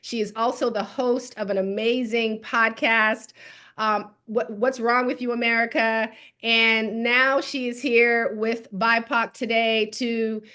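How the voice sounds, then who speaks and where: A woman hosting an online event, introducing a guest haltingly with fillers. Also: fairly high pitch, fairly even intonation, pushed and bright. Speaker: host.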